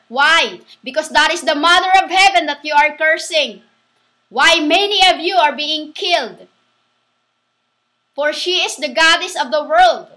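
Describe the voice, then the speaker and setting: A woman giving a rambling religious monologue, halting and restarting, spelling words out letter by letter. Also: extremely high pitch, bright, forceful tone. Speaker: self-styled preacher.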